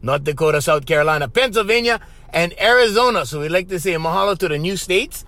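A man from Hawaii hosts his own podcast in thick Hawaiian Pidgin, chatting loosely and joking, calling everyone "bro". His voice sits high and comes across bright and forceful. The recording is close and dry, with no room sound. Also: expressive, quick pace, no room sound. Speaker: podcast host. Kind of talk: casual solo podcast chat.

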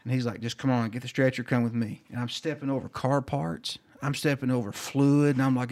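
A man's voice: mid-range voice, fast talker. Man telling a story animatedly. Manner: animated storyteller acting out dialogue. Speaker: flight nurse. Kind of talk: casual podcast storytelling.

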